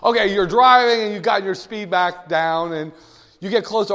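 A man's voice: high voice, moderate pace, sharp tone, big-room sound. A man lecturing a class in a jokey storytelling way, acting out little scenes. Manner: jokey storytelling, acts out voices.

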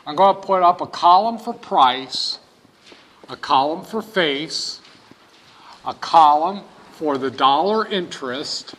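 A man's voice: fairly high pitch, animated, slow pace, a bit bright. A man giving a classroom finance lecture, wry and joking, acting out little scenes for his students.

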